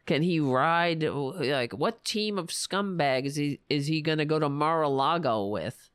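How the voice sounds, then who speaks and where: A woman hosting a livestream, delivering an angry, sarcastic political rant full of profanity, her voice going hoarse. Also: low-pitched, unhurried, no room sound, studio quality. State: losing her voice. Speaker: livestream host.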